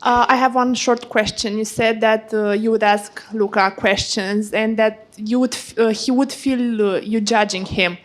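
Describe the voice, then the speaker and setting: A woman's voice: a little high, steady tone, a little slow, hardly any pauses. A woman from the audience asks a question, polite and hesitant, with many fillers. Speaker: audience member asking a question.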